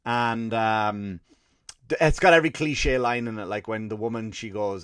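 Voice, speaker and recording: A man's voice: lowish voice, normal speed, a bit bright, clean tone, no room sound, clean studio sound. An Irish man hosting a comedy podcast, ranting sarcastically and swearing often. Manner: profane, exasperated, sarcastic. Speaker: podcast host. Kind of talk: comedic rant.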